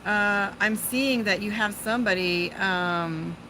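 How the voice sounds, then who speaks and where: A woman gives a casual tarot reading on a live stream. She is chatty and swears freely, and her voice sits in an ordinary middle pitch. Clear traffic noise and outdoor ambience run behind her. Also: slow pace, bright, forceful tone. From Las Vegas, USA. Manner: chatty, profane, breaks off to talk to her dog. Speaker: tarot reader and psychic. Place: outdoors by a pool.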